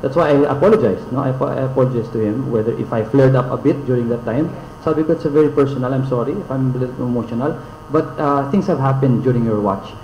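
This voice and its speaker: A man's voice: medium pitch, fast, few pauses, a little mellow, reverberant, muffled recording, a little hiss or hum. A man with a Filipino accent, a congressman guest on a radio interview, talking emphatically and switching languages, with many pointed rhetorical questions. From Philippines.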